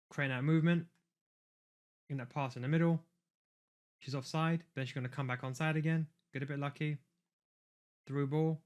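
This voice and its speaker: A man giving a casual, rambling gameplay tutorial while he plays. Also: on the high side. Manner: rambling, chatty, talks while playing. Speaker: video game coach.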